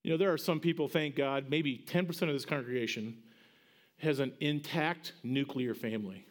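A middle-aged man preaching a sermon as pastor, conversational and animated, building to emphatic peaks. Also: medium pitch, normal speed.

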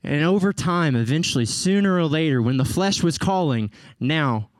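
Animated preacher man, dry close sound. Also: fairly high pitch, normal speed, dry recording. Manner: animated, playful asides, rising to emphatic peaks. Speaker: pastor. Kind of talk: sermon.

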